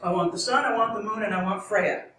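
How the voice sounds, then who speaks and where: A woman's voice: medium pitch, fast, fairly bright tone, a little hiss or hum, natural voice. A woman quoting a bargaining giant builder, in a distant echoing room. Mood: offhand. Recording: echoey room from far off.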